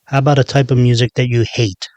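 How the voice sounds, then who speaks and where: A man's voice: medium pitch, level tone, quick pace, darkish tone, dry recording. A man from the Philadelphia area hosting a podcast, asking casual questions and giving short agreeing replies. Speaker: podcast host.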